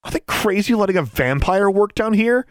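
A man voicing a defiant, sharp-tongued young schoolgirl in an audiobook, pushing his deep voice much higher and arguing hotly. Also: expressive, dry recording, studio quality. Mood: indignant. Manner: indignant, quick to argue. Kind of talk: audiobook character voice.

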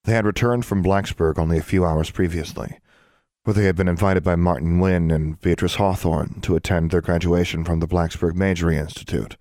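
A man narrates a fantasy audiobook in a steady, measured reading. His voice sits very low, and the sound is dry and close, with no room echo at all, as if recorded in a booth. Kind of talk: scripted storybook narration.

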